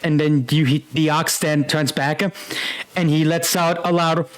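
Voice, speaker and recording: A man's voice: fairly high pitch, fairly even intonation, measured pace. A man running a tabletop game as game master, narrating in a laid-back way with lots of fillers.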